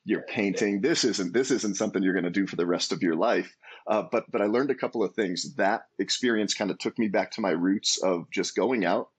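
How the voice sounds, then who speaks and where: Man in his 40s, low husky voice, earnest storyteller, interview guest. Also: brisk. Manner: earnest, animated storytelling with restarts. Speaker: guest, entrepreneur.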